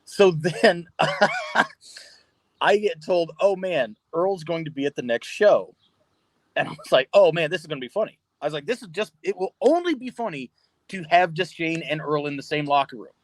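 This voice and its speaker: Animated man telling a story with a raised voice. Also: on the high side, a little slow, dry recording. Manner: animated, laughing, swearing freely. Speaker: podcast guest, pro wrestler. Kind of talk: casual storytelling. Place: podcast studio.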